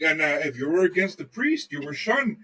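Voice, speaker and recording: A man's voice: fairly high pitch, big pitch swings, a little fast, sharp tone, recorded from a distance, poor audio. A man co-hosting a podcast, chatting casually and telling loose, profane stories full of swearing. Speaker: podcast co-host. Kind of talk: casual chat, rambling storytelling.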